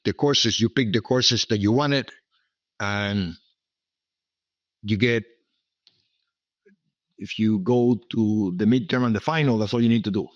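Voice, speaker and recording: Telling rambling stories in an interview, a Cuban businessman in his seventies speaks in a voice on the low side, carrying a Cuban Spanish accent from his native Spanish. He repeats himself and often throws in an emphatic "okay?" No room sound comes through, and the audio is dull.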